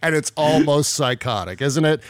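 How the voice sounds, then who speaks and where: A man's voice: on the high side, expressive, no room sound. A man hosting a casual podcast, joking and laughing often with his co-hosts. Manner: jokey, laughs often, brisk scripted openers. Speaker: podcast host. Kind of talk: casual political podcast chat.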